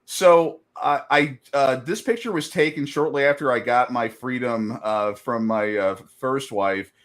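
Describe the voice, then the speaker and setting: A man's voice: mid-range voice, unhurried, fairly bright tone. A middle-aged man in casual chat as a guest, talking loosely with many fillers and frequent laughs.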